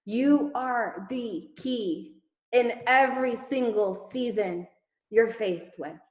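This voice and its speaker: On a video call with poor, roomy audio, a woman with a fairly high voice takes her time giving her network marketing team an emphatic pep talk. She leans on rhetorical questions, repetition and casual swearing.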